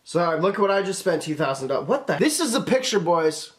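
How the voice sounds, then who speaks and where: A young man casually talking through an unboxing on his vlog, excitable and swearing, calling his viewers man and boys. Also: high voice, a little fast. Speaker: YouTuber.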